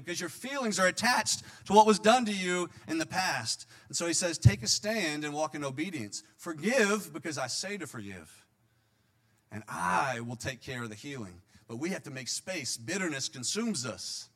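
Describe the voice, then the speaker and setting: A man preaching a sermon, moving between hushed, intimate passages and loud, emphatic bursts, and acting out the imagined words of his listeners and of God. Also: on the high side.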